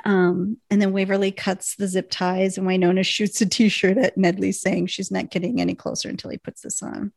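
A woman co-hosting a casual podcast, recapping a TV episode with animated storytelling and frequent laughter. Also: mid-range voice, moderate pace, creaky, few pauses, no echo. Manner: animated storytelling, laughs often, many fillers. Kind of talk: casual chat.

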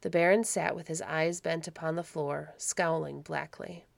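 Woman storyteller, calm measured reading, low gravelly voice. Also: no echo. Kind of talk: scripted narration.

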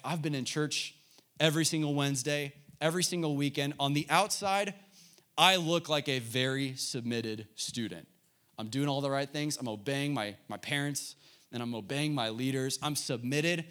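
An earnest young man preaching to a youth group, mid-range in pitch. He tells a personal story openly and directly, speaking straight to his listeners. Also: moderate pace, fairly bright tone. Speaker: youth pastor. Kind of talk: sermon.

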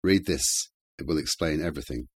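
A man voicing a quiet, determined man speaking firmly in an audiobook reading. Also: a bass voice, brisk, husky, no echo, studio quality. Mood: calm. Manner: quiet, firm. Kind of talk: audiobook character voice.

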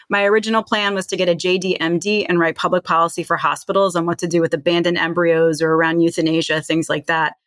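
A woman's voice: lowish voice, a bit bright, dry recording. A middle-aged woman from Virginia with a Midwestern accent, chatting as an interview guest with lots of fillers. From Charlottesville, Virginia. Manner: chatty, many "like" and "you know" fillers. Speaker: guest, tech CEO. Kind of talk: casual interview talk.

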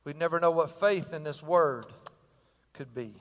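A man's voice: fairly high pitch, normal speed, long reverb tail. An older man preaching a sermon with energy and rhythm, asking the crowd questions and repeating phrases. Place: church sanctuary.

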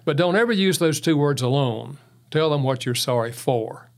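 A man's voice: on the high side, expressive, moderate pace. Folksy man telling marriage anecdotes. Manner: folksy storyteller who chuckles often. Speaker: guest speaker on marriage. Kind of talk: interview talk with anecdotes.

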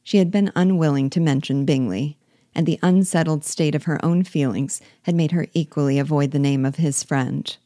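Low-voiced woman reading a novel. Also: mellow, dry recording, studio quality. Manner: measured, clear narration. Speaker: literature guide reading aloud. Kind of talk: reading a classic novel aloud.

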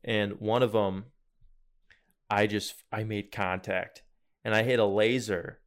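A young man co-hosting a podcast, telling a story in a casual, animated way. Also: on the low side, slow pace. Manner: animated storyteller, loud shouted impressions. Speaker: podcast co-host.

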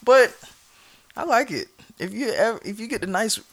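A man's voice: high-pitched, animated, moderate pace. A young man co-hosting a podcast, teasing and playful, jumping in with questions. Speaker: podcast co-host. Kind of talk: casual chat.

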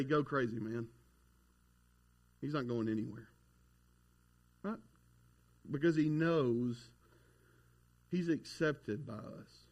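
High-voiced folksy preacher man. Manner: folksy, conversational preaching with storytelling. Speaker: pastor. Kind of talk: sermon.

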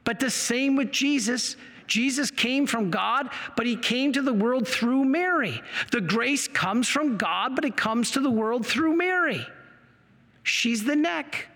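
A man's voice: extremely high pitch, expressive, unhurried, sharp tone. A man giving a passionate religious apologetics lecture with slides, getting worked up as he explains. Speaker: Catholic apologetics speaker. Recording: long hall reverb.

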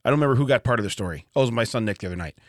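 A man's voice: mid-range voice, very fast, dry recording, studio quality. A middle-aged man co-hosting a podcast, telling stories in a casual chat and laughing often. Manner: animated storyteller, laughs often. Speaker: podcast co-host. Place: podcast studio.

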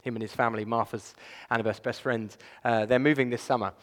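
A man preaching a sermon as a pastor, conversational and animated, with many filler phrases. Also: medium pitch, fast. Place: church. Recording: long reverb of a church hall.

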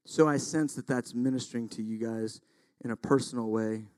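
A male pastor preaches a sermon, intense and emphatic, often swinging up to loud, driving peaks. His voice sits at a middle pitch, and the sound is dry and close. He breaks in with plain, self-deprecating asides. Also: fairly even intonation, moderate pace, no room sound.

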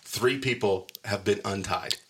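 A man's voice: lowish voice, a little slow, crowd noise. A middle-aged man hosting a podcast in casual, joking chat, teasing and laughing often. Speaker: podcast host.

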